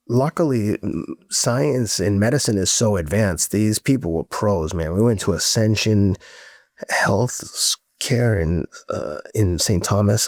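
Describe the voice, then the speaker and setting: Middle-aged male guest, low-pitched, frank and earnest, swears casually; dry, close recording. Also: darkish tone, no echo. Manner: blunt and frank, swears freely; earnest storytelling with rising emotion. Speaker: podcast guest. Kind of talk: candid casual interview talk.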